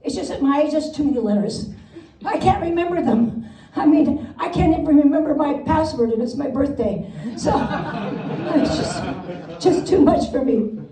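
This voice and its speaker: A woman's voice: high voice, lively intonation, normal speed, warm tone, a little hiss or hum. A woman in her seventies from Wisconsin performing a self-mocking stand-up set with punchy delivery and frequent laughs. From Wisconsin, USA. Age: 70s. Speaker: stand-up comedian. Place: comedy club stage with live audience. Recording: roomy club sound from a distance, crowd audible.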